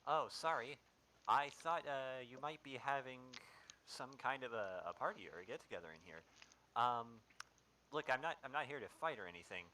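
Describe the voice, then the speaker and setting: A man plays a courteous adventurer who trips over his words as he tries to smooth things over. The voice is bright and forward. He keeps a friendly, placating manner in a tabletop game. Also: medium pitch, lively intonation, normal speed, a little hiss or hum, poor audio. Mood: apologetic. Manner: hesitant, stammering, placating. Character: polite wandering adventurer Mouse, eager to talk.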